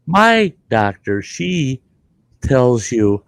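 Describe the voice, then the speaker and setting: Guy rambling thru a story, deep raspy voice, lots of swearing, bouncy up and down delivery. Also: animated, measured pace, dry recording. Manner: rambling, profane, laughs mid-story. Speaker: podcast host. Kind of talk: casual storytelling chat.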